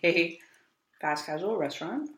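A woman's voice: fairly low pitch, lively intonation, a little slow, husky. A woman in her late thirties from Houston, chatting casually as a podcast host in a wry, self-mocking way with plenty of ums and likes. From Houston, United States. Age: late 30s. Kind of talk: casual chat.

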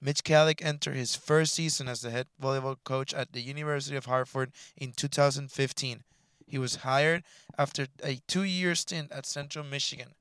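Clear-voiced male podcast host. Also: medium pitch, fairly even intonation, normal speed, fairly bright tone, no room sound. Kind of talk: casual podcast interview.

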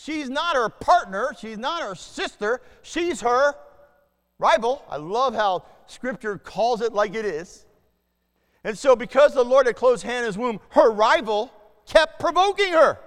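High-voiced preacher in a long-echoing hall. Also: male voice, clean tone. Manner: expressive preaching, swings from loud to hushed; asks the congregation questions. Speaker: pastor. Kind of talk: sermon.

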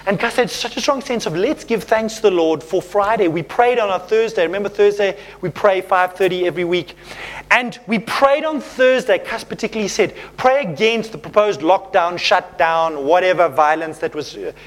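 A man's voice: sits high, normal speed. A man preaching a sermon as pastor, reading scripture and acting out playful little voices.

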